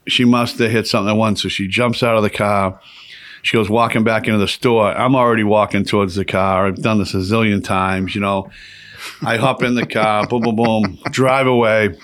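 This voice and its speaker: A man's voice: on the low side, fairly bright tone, no echo, studio quality. Profane New man telling stories. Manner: profane, rambling storyteller with frequent restarts. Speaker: podcast guest. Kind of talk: casual storytelling.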